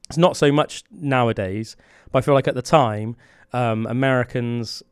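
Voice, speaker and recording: Smooth voiced guy rambling on a podcast, lots of ums and likes, dry close sound. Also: medium pitch, moderate pace, no room sound. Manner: rambling, many fillers and restarts. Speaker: podcast co-host. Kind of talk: casual chat.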